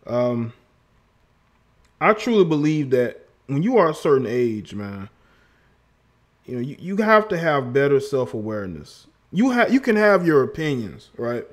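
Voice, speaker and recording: A man hosts a livestream and comments on a clip he has just played. His voice sits at an ordinary middle pitch. He mocks what he heard, laughs, and keeps repeating words to make his point. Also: very animated, measured pace. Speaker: livestream host.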